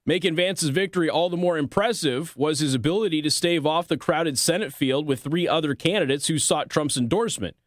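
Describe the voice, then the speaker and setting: A man's voice: on the high side, fairly quick, hardly any pauses, dry recording, studio quality. A man hosting a political commentary show, reading news articles aloud and breaking in with sarcastic, combative asides. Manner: sarcastic, combative asides between read passages.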